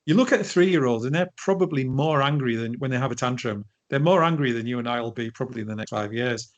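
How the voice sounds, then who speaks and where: A middle-aged man, talking as a guest in an interview, telling animated stories with frequent restarts. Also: mid-range voice, quick pace, dull audio. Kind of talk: conversational interview.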